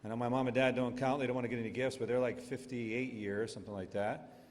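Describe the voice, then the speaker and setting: Chatty middle-aged emcee in a hall. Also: male voice, medium pitch, flat delivery, fast. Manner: jokey, chatty, asks the crowd questions. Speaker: reunion emcee handing out awards. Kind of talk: casual emcee talk to a crowd. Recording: long hall reverb.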